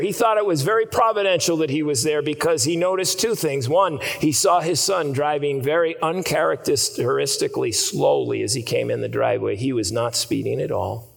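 A man preaching a sermon, telling a story dramatically and swinging between hushed and raised passages. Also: on the high side, gravelly, in a large hall.

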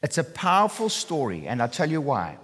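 A man's voice: a little high, wildly swooping pitch, moderate pace, fairly bright tone, breathy edge. A man preaching a sermon as a pastor, earnest and emphatic, often checking in with his listeners. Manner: earnest, emphatic, asks for assent with "okay?". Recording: long reverb in a large hall.

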